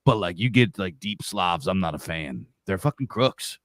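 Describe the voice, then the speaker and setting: A man's voice: low voice, lively intonation, moderate pace, a bit bright, dry recording. Blunt American man, dry close sound. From United States. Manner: blunt, opinionated, swears freely. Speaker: livestream co-host. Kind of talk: casual livestream chat.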